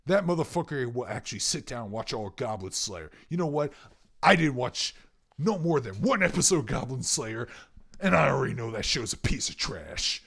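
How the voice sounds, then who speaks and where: A man's voice: medium pitch, sing-song, moderate pace, vocal fry, a bit bright, breathy edge. A young man on a podcast, ranting in profane, emphatic casual talk. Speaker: podcast co-host.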